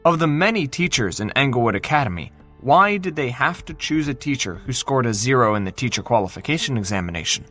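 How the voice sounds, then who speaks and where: A man narrating a fantasy novel in an expressive, dramatic reading style. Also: medium pitch, fast talker, hardly any pauses, soft background music. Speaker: audiobook narrator.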